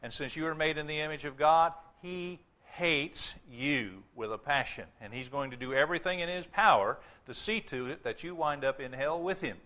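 Male pastor, higher bright voice, emphatic sermon delivery that dips low for warnings. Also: muffled recording. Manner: emphatic preaching, drops low and slow for warnings.

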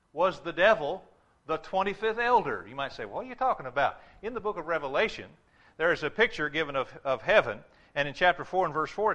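Guy preaching a sermon, kinda high bright voice, slows right down when he gets serious. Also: dull audio. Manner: emphatic preaching, drops low and slow for warnings. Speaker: pastor.

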